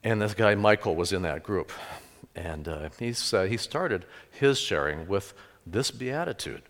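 Middle-aged pastor preaching in an echoey church. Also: male voice, lowish voice, animated, measured pace. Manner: storytelling, with sudden loud emphases. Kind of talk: sermon. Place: church sanctuary. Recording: echoey church hall with long reverb.

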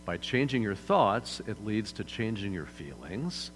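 A man with a lowish voice and big pitch swings preaches as pastor in a church hall at a measured pace, keeping it conversational and often putting questions to the audience. Hall reverb and a faint mains hum fill the recording.

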